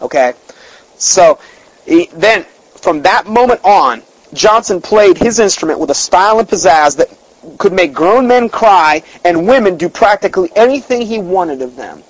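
A man's voice: high-pitched, lively intonation, normal speed, poor audio. A man preaching a sermon in a chatty storytelling way, emphatic, his voice jumping up when he is stirred. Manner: conversational asides, fillers and restarts.

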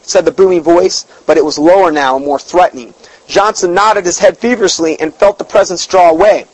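A man's voice: high-pitched, brisk, no room sound, low-quality recording. A man preaching a sermon in a chatty storytelling way, emphatic, his voice jumping up when he is stirred. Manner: conversational asides, fillers and restarts.

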